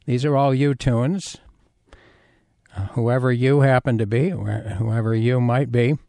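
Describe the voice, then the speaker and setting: A man's voice: medium pitch, fairly even intonation, unhurried, gravelly, warm tone, no echo. Rambling male radio DJ, dry studio. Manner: rambling, frequent uhs and restarts. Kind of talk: casual radio chat. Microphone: studio mic.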